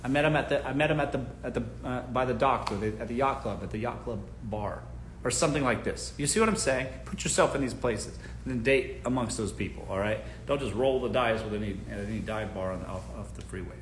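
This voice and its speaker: A man's voice: mid-range voice, brisk, echoey room, a little hiss or hum. A man hosting a live stream, giving blunt, joking dating advice straight to his listeners in casual talk.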